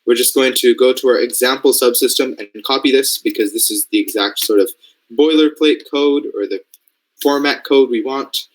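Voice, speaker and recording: A man's voice: mid-range voice, moderate pace, low-quality recording. A young man from Canada teaching a casual coding lesson, thinking aloud and often checking that his listeners follow. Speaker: robotics programming mentor. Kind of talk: screen-share coding lesson.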